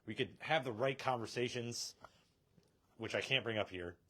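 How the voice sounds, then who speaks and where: A man's voice: medium pitch, moderate pace, fairly bright tone. A man hosting a casual live stream from a comic shop, joking and laughing often.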